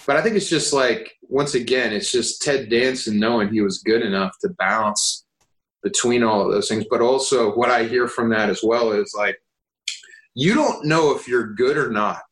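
A man's voice: medium pitch, moderate pace, fairly bright tone, echoey room, rough recording. A man, an actor and guest, talking in a rambling, candid, self-deprecating way with casual swearing.

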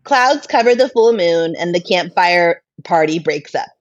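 Podcast host reading an adventure book aloud, husky voice, playful, quick to laugh. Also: female voice, on the low side, expressive, muffled recording, faint music behind. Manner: playful, laughs often while narrating. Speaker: podcast host and story reader.

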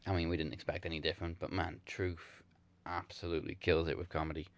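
A man co-hosting a casual wrestling podcast, explaining things in a relaxed way. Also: low voice, quick pace, dull audio. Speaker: podcast co-host.

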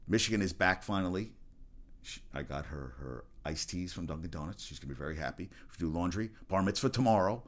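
A man's voice: low-pitched, animated, fast talker, hardly any pauses. A man hosting his own sports show in a casual, rambling rant, blunt and profane, with faint music behind.

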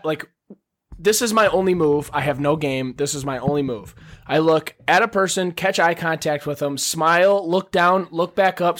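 A man casually telling crude stories and ribbing his friends on a podcast. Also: a little high. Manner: crude, storytelling, animated. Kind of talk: casual chat.

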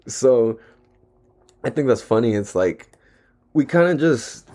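A man's voice: medium pitch, expressive, takes it slowly, dark tone. A man talking to the camera in a casual, rambling monologue, laid-back and full of profane slang, his throat a little dry. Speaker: vlogger.

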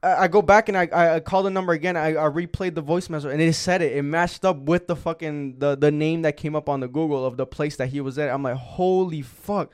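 A man's voice: fairly high pitch, fairly even intonation, quick pace, few pauses, clean tone. A young man co-hosting a podcast, telling a long story in casual chat, rambling and swearing with lots of filler words. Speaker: podcast co-host.

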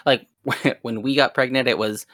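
A man's voice: mid-range voice, steady tone, moderate pace, fairly bright tone, no echo, studio quality. A young man, a podcast co-host, chatting casually and laughing often as he tells stories. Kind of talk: casual chat.

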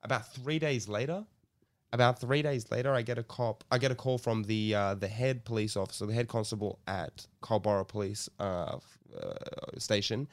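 A man's voice: fairly low pitch, fairly even intonation, normal speed. A young man telling a rambling story in casual chat, swearing and restarting often. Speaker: guest storyteller.

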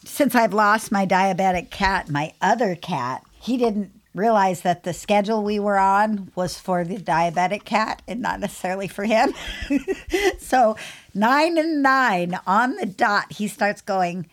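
A middle-aged woman talks shop as a podcast co-host, loose and chatty, breaking into laughter now and then. Her voice sits at an everyday middle pitch. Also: measured pace. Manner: chatty, laughs often, mimics her cat meowing. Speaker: podcast co-host, pet groomer. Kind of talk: casual chat.

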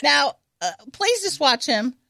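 A woman's voice: high voice, sing-song, measured pace, gravelly, a bit bright, no echo, studio quality. Wry woman podcast co-host. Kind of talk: casual chat.

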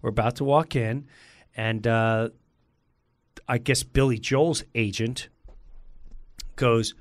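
A middle-aged man telling a story in a lively way, acting out the lines of the people in it. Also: medium pitch, slow pace, dry recording. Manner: acts out other people's lines in quoted voices. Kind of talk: animated storytelling.

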